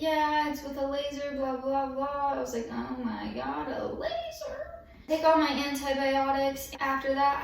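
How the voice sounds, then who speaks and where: Speaking from a distance in a high-pitched voice, a woman vlogs candidly and chattily about her experience while hurting after dental surgery, and she is quite expressive. The room echoes, her voice is off-mic, and faint yard work sounds come from outside.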